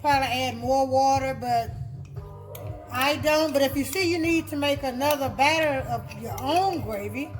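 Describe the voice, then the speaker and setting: A woman's voice: sits high, moderate pace, soft background music, rough recording. A woman from Texas, chatting her way through a home cooking demonstration in a kitchen. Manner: chatty, homey, repeats words while explaining. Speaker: cooking vlogger.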